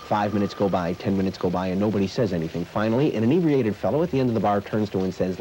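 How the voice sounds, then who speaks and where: A man hosting a mock news segment, telling old jokes with a dry, measured delivery. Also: fairly low pitch, lively intonation, dark tone, slight background noise, rough recording. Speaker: comedian host.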